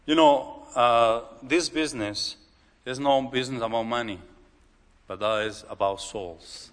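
A man with a Mexican accent, a native Spanish speaker, preaching a sermon in halting English, often repeating and restarting words. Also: mid-range voice, fairly bright tone, clear, resonant tone. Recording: long hall reverb.

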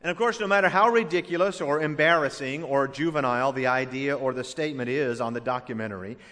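A male pastor preaching a sermon, punching some words and letting others drop to a hush. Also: mid-range voice, long reverb tail. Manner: emphatic preaching that swings between loud punches and hushed, drawn-out words.

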